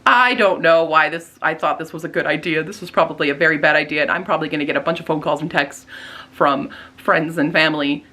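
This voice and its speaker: A woman's voice: low voice, fast, sharp tone. A woman vlogging casually about her book buying, self-deprecating and laughing as she rambles. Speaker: booktuber. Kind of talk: casual vlog.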